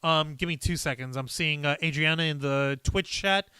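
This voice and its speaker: A man hosts a live stream in a casual, profane and rambling way, reacting to viewer comments. His voice sits high and bright, with a smooth, clear tone. The sound is dry and close. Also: normal speed, no echo.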